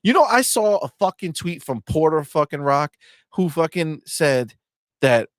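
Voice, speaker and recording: A man co-hosting a gaming talk show, heckling and swearing in animated casual chat. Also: on the high side, unhurried, dry recording, clean studio sound. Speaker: podcast co-host.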